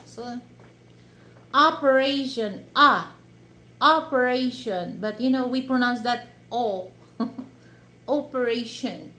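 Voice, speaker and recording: A woman's voice: fairly high pitch, takes it slowly, pauses often, pushed and bright. A Filipino woman with a Filipino accent hosting a casual live chat with viewers. She talks chattily and leans on "you know" fillers. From Philippines. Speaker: live stream host. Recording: roomy echo, faint ambience.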